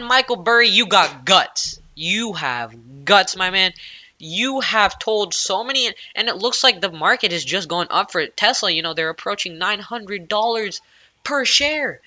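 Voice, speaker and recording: A man giving casual, excitable tech news commentary as a YouTuber, rambling with plenty of fillers. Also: high-pitched, a little slow.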